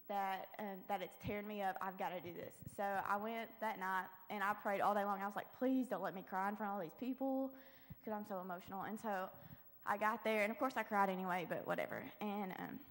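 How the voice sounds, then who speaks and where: Teen girl giving chatty church testimony. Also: mid-range voice. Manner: chatty, lots of "I was like" quotes. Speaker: youth group member giving testimony. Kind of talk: personal testimony. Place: church sanctuary. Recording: long church hall reverb.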